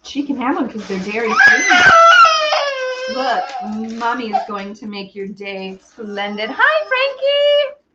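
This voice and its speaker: A woman's voice: medium pitch, unhurried, raised voice, muffled recording, background noise. A woman hosting a casual baking stream, chatting bubbly with viewers and a small child. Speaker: baking show host. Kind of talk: casual baking livestream chat.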